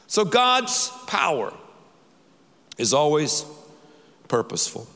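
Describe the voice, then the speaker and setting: A man's voice: sits high, lively intonation, slow, sharp tone. A male pastor preaching an emphatic, repetitive sermon and leading his congregation in call-and-response in a large church. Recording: long hall reverb.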